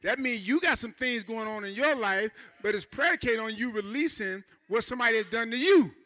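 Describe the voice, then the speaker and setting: Preaching in a very high, animated voice that sounds pushed and bright, a male pastor addresses the congregation informally and briefly mimics church members.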